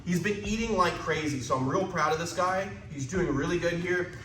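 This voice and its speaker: A reptile keeper hosts a vlog at a snake facility, talking casually to camera, enthusiastic and slightly out of breath. His voice is a little high, brisk and fairly bright, recorded roomy and from a distance with faint ambience.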